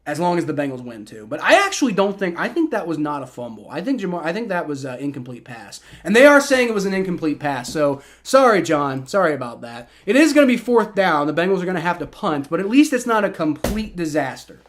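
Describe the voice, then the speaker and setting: Male streamer, high voice, rowdy live play-by-play reactor who talks to chat. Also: quick pace, few pauses. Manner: excitable, swears and shouts at bad plays, chats with viewers. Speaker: livestream host.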